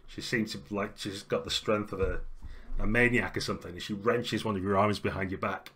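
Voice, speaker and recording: A man running a tabletop game as game master, narrating in a chatty, lively way. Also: on the low side, a little fast, husky.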